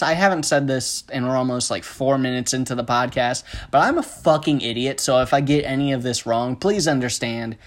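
A man's voice: medium pitch, a bit bright. A young man hosting a podcast alone, rambling, joking at his own expense and swearing freely. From American Midwest. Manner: rambling, self-deprecating, profane, with frequent laughs and fillers. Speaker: podcast host. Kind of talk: casual solo podcast monologue.

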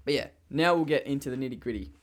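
A young Australian man hosting a casual football tipping chat, relaxed and quick to laugh. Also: mid-range voice, slight background noise. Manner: relaxed, leads the segments, laughs easily. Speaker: podcast host.

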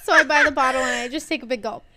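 A woman's voice: sits high, very fast, heavy background noise. A young woman with a cold, co-hosting a podcast and telling a story in a laughing, casual way. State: sick with a cold. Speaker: podcast co-host. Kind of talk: casual chat.

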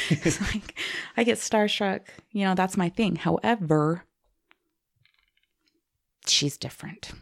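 A woman's voice: medium pitch, slow, gravelly, long pauses. A woman co-hosting a podcast, telling a story casually and with feeling, teary at times. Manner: animated storytelling, tearful and laughing. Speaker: podcast co-host. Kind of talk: casual chat.

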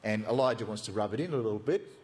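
A man's voice: fairly low pitch, fast, a little mellow. A man preaching a sermon, retelling a Bible story with playful, conversational asides.

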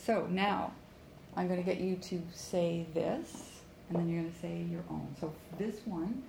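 Pronunciation coach, woman from Canada, mellow voice, drills stressed words in a roomy space with faint hiss. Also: fairly low pitch, measured pace, creaky. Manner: stresses words and repeats phrases for students to echo. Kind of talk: live online pronunciation lesson.

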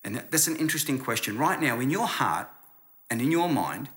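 A man's voice: medium pitch, pushed and bright. A man preaching a sermon as pastor, earnest and conversational, often restarting his words.

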